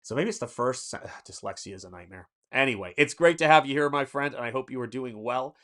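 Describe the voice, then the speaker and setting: A man with a Southern American accent chats casually on a livestream from his home art studio. He rambles and restarts, filling gaps with ums while reading viewer messages aloud. His voice sits at an ordinary middle pitch. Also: fast, a bit bright. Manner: rambling, reads chat aloud, many fillers and restarts. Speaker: artist and livestream host.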